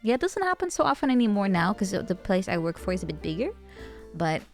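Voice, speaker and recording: A young woman who works from home, chatting as a stream guest, relaxed and playful with trailing fillers. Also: medium pitch, quick pace, faint music behind. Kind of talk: casual chat. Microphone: headset at home.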